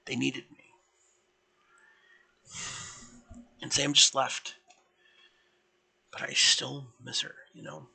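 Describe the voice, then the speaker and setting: Gentle caring ice cream genie guy, a streamer doing him in his normal voice, soft and bright. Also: mid-range voice, monotone, unhurried, creaky, husky, heavily acted. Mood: sympathetic. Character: kindly male ice cream genie, perceptive listener.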